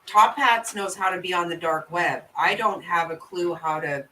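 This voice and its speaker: A woman chats with her live viewers in a bright, sharp voice, blunt and quick to swear. She laughs easily as she talks. She sits a little back from the mic, so her voice sounds slightly distant. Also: on the low side. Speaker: livestream host. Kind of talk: casual chat reacting to viewer comments.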